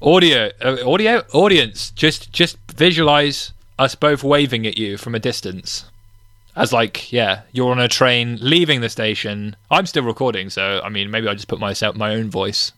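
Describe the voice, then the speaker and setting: A young man co-hosts an irreverent podcast, reading scripture and then joking crudely about it. His voice is bright and sharp, recorded close and dry on a podcast mic. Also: medium pitch, normal speed, dry recording. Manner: crude, joking, reads verses aloud then riffs. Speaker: podcast co-host. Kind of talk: irreverent casual chat and Bible reading.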